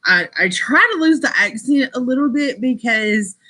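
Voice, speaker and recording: A woman's voice: on the high side, animated, moderate pace, pushed and bright. A woman hosting a casual live stream, chatting and rambling to her viewers, laughing often and saying y'all.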